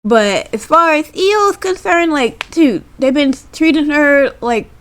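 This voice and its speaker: A woman's voice: sits high, expressive, unhurried, rough recording. A woman casually recapping a wrestling show, rambling and tagging her sentences with "like" and "right?". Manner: rambling, full of "like" and "right?" tags.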